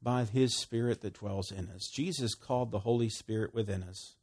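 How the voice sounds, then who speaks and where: A husky man delivers a sermon in a relaxed, talk-to-you way. His voice rises loud and bright on the emphatic lines, then sinks low and quiet for the tender ones. He laughs often as he goes. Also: normal speed. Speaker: preacher.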